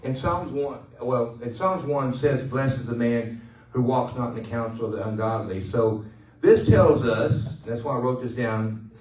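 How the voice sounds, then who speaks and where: A male pastor preaching a sermon in a loose, conversational way, joking and pausing for the congregation to answer. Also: medium pitch, a little mellow, roomy sound, far from the mic, poor audio. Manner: conversational, joking, with call-and-response. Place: church sanctuary.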